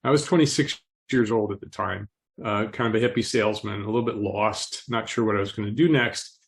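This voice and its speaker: A man speaks as a podcast interview guest, telling his story calmly and reflectively. He clears his throat often and sounds gently amused at himself. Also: lowish voice, a little fast.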